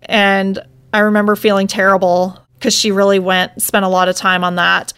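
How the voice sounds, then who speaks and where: A woman's voice: mid-range voice, level tone, moderate pace, fairly bright tone, clean tone, no echo, studio quality. A woman in her thirties from the United States, telling her own life story in an emotional, reflective way. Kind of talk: personal storytelling.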